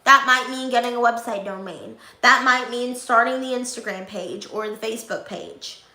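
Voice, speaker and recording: A young woman with a bright, fairly high voice gives her viewers upbeat, encouraging advice, almost preaching. The sound is echoey, like a bare room. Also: normal speed. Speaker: vlogger. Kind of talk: motivational vlog talk.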